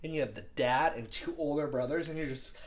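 A man in his thirties tells loose stories, laughing and cursing as he goes. His voice sits a little high for a man, and he keeps the energy up. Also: a little fast. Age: 30s. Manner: animated storyteller, swears freely, laughs while talking. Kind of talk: casual chat.

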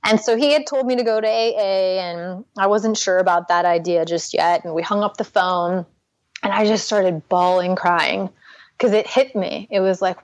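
A woman's voice: medium pitch, normal speed, no echo. A young adult woman, a Christian life coach, earnestly telling her personal recovery story as a podcast guest, full of "like" fillers.

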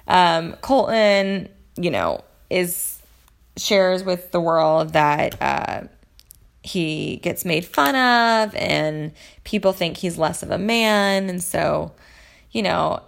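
Woman, low pitch, gravelly fry, casual chat, gossipy, rambling, lots of fillers. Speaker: reality TV commentator.

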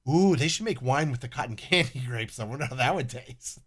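A middle-aged man telling stories in a casual chat, cursing freely and animated. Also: mid-range voice, fairly quick. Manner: profane, animated storyteller.

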